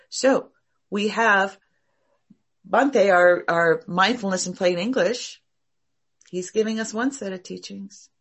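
Emphatic husky woman teaching a class. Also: fairly low pitch. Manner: emphatic, repetitive, animated. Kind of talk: casual class talk.

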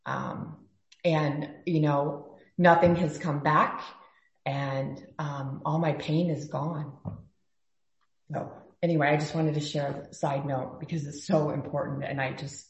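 A woman with a low voice shares a story with a group over a video call. She speaks earnestly and trails off into fillers. Her sound is roomy and echoey with a dull, lo-fi band. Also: animated, slow pace. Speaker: workshop participant. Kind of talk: sharing a personal story.

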